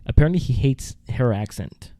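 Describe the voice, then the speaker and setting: A man chats casually on a podcast, excitable and quick to laugh. His voice sits mellow and warm. The sound is dry and close, with no room around it. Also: medium pitch, no room sound. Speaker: podcast co-host. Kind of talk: casual chat.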